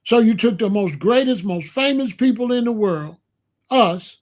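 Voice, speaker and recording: A man's voice: high voice, expressive, moderate pace. A man, hosting a heated, blunt commentary rant full of slang. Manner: angry, blunt, slangy, repetitive. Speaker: commentary channel host.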